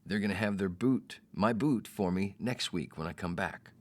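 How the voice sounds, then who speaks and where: A man hosting a podcast, telling a personal story in a casual, animated way and putting on the voices of the people in it. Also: low-pitched, moderate pace. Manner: animated, mimics others in quoted lines. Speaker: podcast host.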